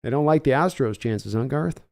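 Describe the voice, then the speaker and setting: A man hosting a live stream reaction to a baseball game. He calls the plays with excitement and chats casually while reading messages from his viewers. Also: medium pitch, fairly quick, vocal fry. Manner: excitable home run calls, chatty while reading chat. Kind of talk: casual live play-by-play and chat.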